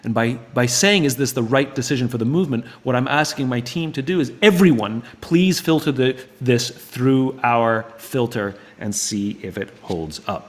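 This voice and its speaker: A man hosting a live book club Q&A, with an ordinary middle-range voice. He thinks out loud and often restarts his sentences. He acts out both sides of conversations. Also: medium pitch, normal speed, few pauses. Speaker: host of an online book club. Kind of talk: live Q&A talk to viewers.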